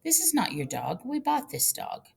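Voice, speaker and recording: A woman plays a cold, clipped mother who won't give ground. The lines land short and dismissive, with a slightly raised pitch and some gravel. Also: wildly swooping pitch, normal speed, a little mellow, heavily acted. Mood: curt. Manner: curt and cold. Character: curt, lying mother guarding the dog.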